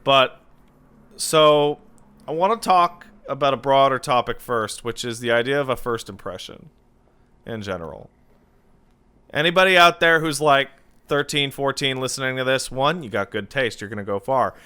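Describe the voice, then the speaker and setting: A man co-hosting a podcast, chatting casually in an animated, joking way with plenty of swearing. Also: medium pitch, normal speed, clean tone. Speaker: podcast co-host.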